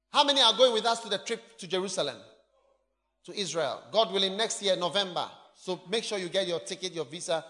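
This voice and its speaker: A man preaching a sermon, reading scripture aloud and explaining it with emphatic, animated bursts. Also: fairly high pitch, long reverb tail.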